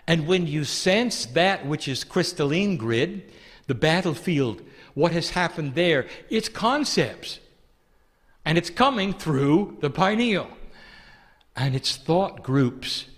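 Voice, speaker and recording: Male channeler, gentle and intimate, higher voice with wide swings, recorded in a big reverberant hall. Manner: gentle, affectionate, addresses listeners as "dear one". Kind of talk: channeled spiritual talk to an audience.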